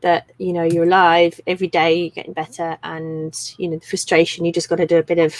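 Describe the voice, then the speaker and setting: A woman's voice: on the low side, completely flat delivery, fairly quick, no echo, low-quality recording. A woman in her thirties co-hosting a casual live stream from home, chatting in a rambling way with lots of ums. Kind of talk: casual chat.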